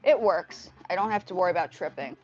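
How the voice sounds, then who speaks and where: A woman's voice: on the low side, lively intonation, fast talker, a little mellow. Chatty woman livestreaming over faint music. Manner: chatty, talks to viewers, restarts phrases. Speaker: livestream host composing music. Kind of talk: casual livestream chat. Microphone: headphone mic. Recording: slightly dull audio with music behind. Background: faint music playing.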